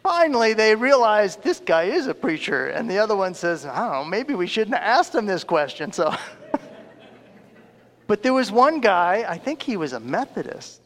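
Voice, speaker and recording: A male preacher tells a story in a sermon, his fairly high voice swooping up and down as he chuckles through it. The sound rings with the long reverb of a large church hall. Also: big pitch swings, normal speed, a bit bright.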